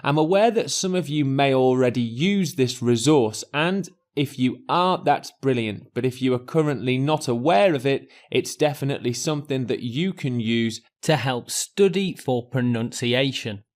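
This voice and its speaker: A man teaching an exam pronunciation lesson in a clear, deliberate scripted delivery that stresses key words. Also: medium pitch.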